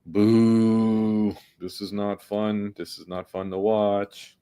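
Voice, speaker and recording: A man's voice: lowish voice, level tone, unhurried, dark tone, clean tone. Profane, grumbling man trading stocks. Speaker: day-trading streamer. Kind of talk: casual live commentary while trading.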